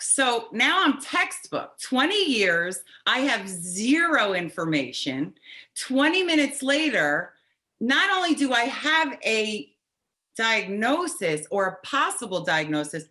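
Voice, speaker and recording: A middle-aged woman from New Jersey tells a personal story as a patient, halting and restarting, wry and animated. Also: on the high side. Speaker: patient telling her story.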